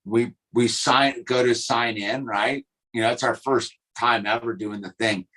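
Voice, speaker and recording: A man's voice: medium pitch, steady tone, measured pace, sharp tone, low-quality recording. A man chatting casually on a live stream, rambling in a laid-back way and dropping "dude" and "like" into most sentences. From California. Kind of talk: casual chat.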